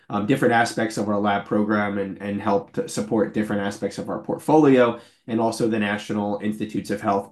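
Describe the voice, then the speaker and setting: This is a man in his forties giving a lecture from his office over a video call. His fairly low voice is turning hoarse, yet he stays earnest and friendly. The sound carries a clear room echo. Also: a little mellow. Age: 40s. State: losing his voice. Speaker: invited lecturer. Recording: roomy echo.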